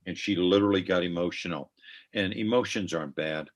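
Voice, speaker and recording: A man's voice: low-pitched, a little fast. An older man speaking as a guest on a ministry podcast, earnest and reflective, telling personal stories in a conversational way.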